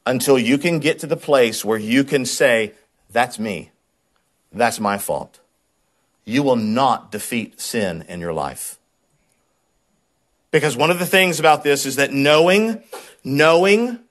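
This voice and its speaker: A man preaching a sermon as a pastor, telling a personal story in a conversational, animated way and repeating words when he gets worked up. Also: fairly high pitch.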